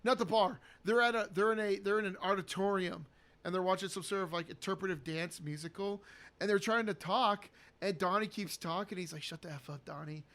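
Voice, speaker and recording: A man's voice: sits high, fairly even intonation, brisk, a bit bright. A man co-hosting a casual movie podcast, talking enthusiastically, laughing often and acting out favorite quotes. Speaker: podcast co-host. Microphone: podcast microphone.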